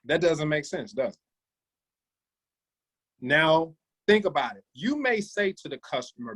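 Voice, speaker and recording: A man's voice: a little high, big pitch swings, unhurried, pauses often, a bit bright, breathy edge, poor audio. A man leading a sales training, coaching his team with energy and calling on listeners by name.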